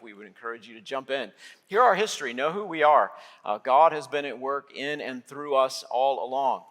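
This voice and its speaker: A man's voice: fairly high pitch, a bit bright. Male pastor preaching in a reverberant sanctuary. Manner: conversational, with filler words. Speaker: lead pastor. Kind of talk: sermon. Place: church sanctuary. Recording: long hall reverb.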